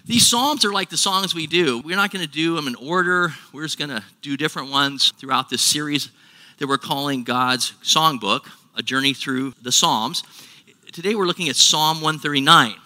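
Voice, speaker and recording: A man's voice: on the high side, normal speed, pushed and bright, long reverb tail. A man preaching a sermon to his congregation in a casual, conversational way, joking and asking them questions. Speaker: pastor.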